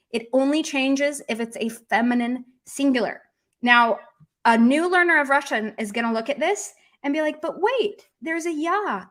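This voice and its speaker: A woman's voice: fairly high pitch, fairly bright tone. An American woman teaching Russian on a live stream, chatty and thinking aloud with many fillers. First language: English. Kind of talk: live-streamed language lesson.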